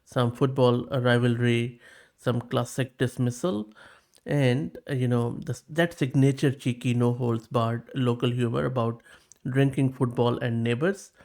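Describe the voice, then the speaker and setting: A man hosting a tech video, walking through a demo in a relaxed, chatty way. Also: mid-range voice, a little slow, creaky. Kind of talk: casual screen walkthrough.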